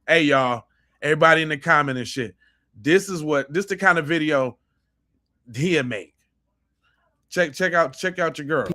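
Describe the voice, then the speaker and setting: A male podcast host reacting to clips in a blunt, cursing way, with a fairly high voice for a man. He restarts his sentences again and again as he makes his point. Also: moderate pace, pauses often, bright, forceful tone. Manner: blunt, profane, repeats and restarts phrases. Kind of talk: commentary on played video clips.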